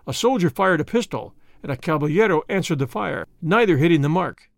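Lively man narrating an audiobook. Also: on the high side, fairly quick, creaky, no room sound.

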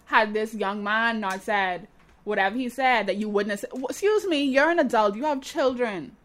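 A woman hosting a casual chat, commenting with animated indignation and mocking quotes. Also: a little high, moderate pace. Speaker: podcast host.

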